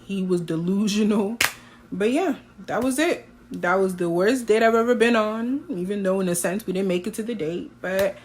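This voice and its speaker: Animated young woman telling a story. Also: mid-range voice, moderate pace. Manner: animated, expressive, quotes herself and others. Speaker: vlogger. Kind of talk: casual storytime. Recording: phone with faint background noise.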